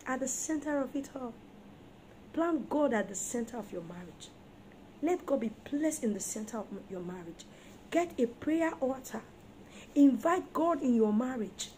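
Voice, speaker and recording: A woman's voice: high-pitched, mellow, slight background noise. A woman preaching an emphatic sermon on marriage, firing rhetorical questions at her listeners.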